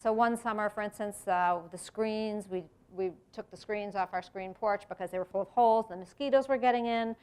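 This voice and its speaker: A middle-aged woman from the United States gives a public talk in an earnest, reflective way. Her voice sits at a medium pitch, and she breaks into sudden emphatic rises. The talk appears to have been given in a lecture room. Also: brisk, hardly any pauses, darkish tone, clear, resonant tone. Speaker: speaker giving a presentation on race.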